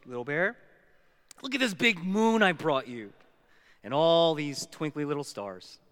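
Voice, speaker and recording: A man reading as a big gentle bear. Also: fairly high pitch, sing-song, unhurried, heavily acted. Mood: reassuring. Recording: long hall reverb.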